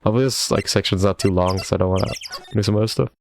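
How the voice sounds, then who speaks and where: A man's voice: fairly low pitch, steady tone, rapid-fire, gravelly, a little hiss or hum. A man casually commenting while playing a game, joking and saying "dude" a lot. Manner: laid-back, joking, says "dude" a lot. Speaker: streamer. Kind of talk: casual let's-play commentary.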